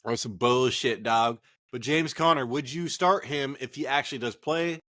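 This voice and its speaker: A man's voice: medium pitch, moderate pace, fairly bright tone. Man, podcast co-host, tipsy, profane, rambling, joking, casual sports chat. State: tipsy from drinking. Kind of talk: casual fantasy football chat.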